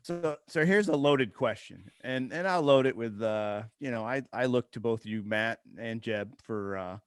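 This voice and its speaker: A man's voice: mid-range voice, moderate pace, smooth, no echo, clean studio sound. A man co-hosting a podcast, chatting casually and expressively with his guests. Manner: expressive, laughs easily. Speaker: podcast co-host. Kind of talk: casual chat.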